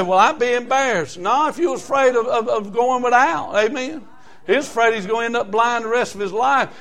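High-voiced older preacher. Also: male voice. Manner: emphatic, swings between loud exclamations and hushed asides. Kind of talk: sermon.

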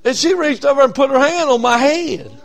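A man preaching a sermon as a Baptist pastor, telling a story that swings from quiet and low to loud and raised. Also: fairly quick.

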